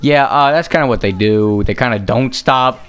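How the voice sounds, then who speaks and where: Young guy streaming a game, smooth voice, goes off on goofy tangents and makes fun of himself. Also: medium pitch, normal speed, fairly bright tone. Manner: rambling, joking, self-mocking. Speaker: gaming streamer. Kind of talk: casual gameplay commentary.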